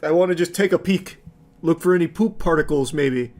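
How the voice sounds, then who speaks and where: A man's voice: a little high, a little fast, darkish tone. A man giving casual reaction commentary with sarcastic jokes and laughing asides.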